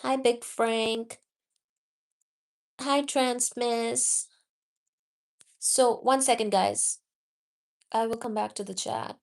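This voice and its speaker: A woman with a slightly high voice hosts a casual live study stream on physics. She explains things in a loose, chatty way, and leans on "you know" as she goes. She also greets each viewer from the chat by name. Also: fairly even intonation, extremely slow, creaky, pauses often. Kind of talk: casual livestream teaching and chat reading.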